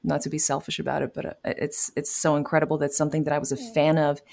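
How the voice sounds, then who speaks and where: A woman's voice: low-pitched, level tone, fast talker, gravelly. A woman in her thirties from New York City, a voice actor answering interview questions in a chatty way, laughing easily. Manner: warm, chatty, laughs easily, many fillers. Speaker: voice actor guest.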